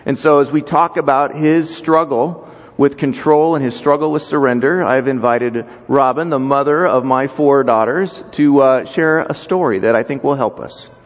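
A pastor giving a calm, conversational sermon to his congregation. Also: mid-range voice, normal speed, long reverb tail, lo-fi sound.

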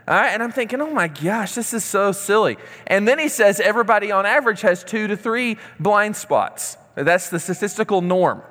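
A man preaching a sermon and telling a story, acting out quoted dialogue in lively voices. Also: sits high, moderate pace. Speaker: pastor. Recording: long hall reverb.

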